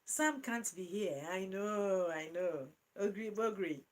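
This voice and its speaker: A woman hosting a live-stream chat, reading out viewer comments and laughing through her words in a playful, animated way. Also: medium pitch, takes it slowly, poor audio. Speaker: channel host.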